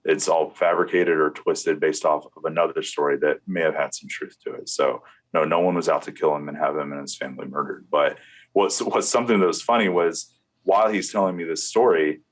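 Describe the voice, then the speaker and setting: Man with a super deep voice telling what happened, lots of restarts. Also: steady tone. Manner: storytelling, with halting restarts. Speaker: former church security team member. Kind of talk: recounting events in an interview.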